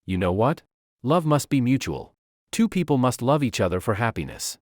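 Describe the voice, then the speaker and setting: A man's voice: medium pitch, big pitch swings, moderate pace, no room sound, clean studio sound, lightly acted. A man doing a flustered, panicked young guy. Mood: alarmed. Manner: flustered, pleading. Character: panicked young man fleeing an unwanted suitor.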